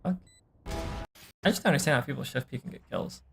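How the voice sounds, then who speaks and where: Young man, gravelly fry in his voice, laid-back game coaching, filler-heavy stream talk. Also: mid-range voice, fast, faint music behind. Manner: relaxed, thinking aloud with many fillers and swearing. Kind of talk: casual gameplay review.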